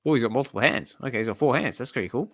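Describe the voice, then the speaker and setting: Male host, relaxed comic read-along, curious and chatty, mid-pitched, dry close mic. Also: racing, no room sound. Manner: chatty and curious, thinking aloud and stumbling over names. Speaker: comic reading channel host. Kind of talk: casual relaxed comic reading with commentary.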